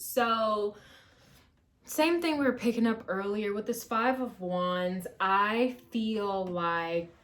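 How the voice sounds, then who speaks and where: A woman giving a casual, rambling channeled tarot reading at home, with fillers and the odd swear word. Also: mid-range voice. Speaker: tarot reader. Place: home with washer running.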